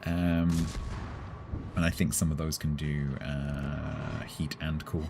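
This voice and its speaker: A man's voice: a bass voice, little pitch movement, slow, vocal fry, noisy background. A man, chatting casually on a live stream, answering chat and chuckling often.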